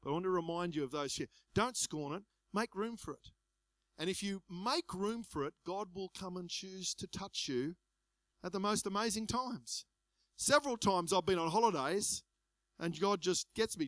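A middle-aged man preaching a sermon, swinging between loud emphasis and soft asides. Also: sits high, no room sound. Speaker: pastor.

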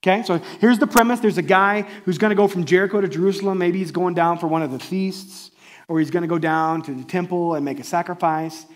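A man preaching a sermon in a conversational, animated way, often checking in with listeners. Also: high voice, fast. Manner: conversational, animated, often asks the audience "right?". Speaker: pastor.

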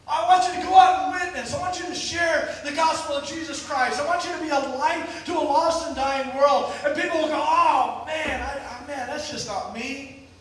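A man preaches with a high-pitched voice in a church. His voice booms back off the walls from a distance, with a faint hiss of room noise under it. He restarts his phrases often and swings from loud outbursts to near murmurs. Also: brisk, few pauses. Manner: storytelling, animated with sudden shouts and quiet drops; repeats words and restarts often. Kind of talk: sermon. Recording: echoey hall from far off.

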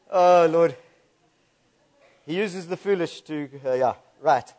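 A man's voice: a little high, takes it slowly, pauses often, darkish tone. A man preaching a sermon in a church, reading scripture aloud and laughing at his own slip-ups.

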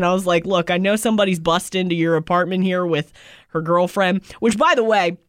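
A man chatting casually about a movie, animated and acting out his own reactions. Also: high voice, a little fast, clear, resonant tone, no room sound, clean studio sound.

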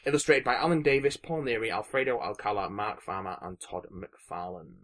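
A man's voice: lowish voice, a little fast, fairly bright tone. A man co-hosting a casual chat show, swearing freely and often restarting his sentences. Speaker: podcast co-host.

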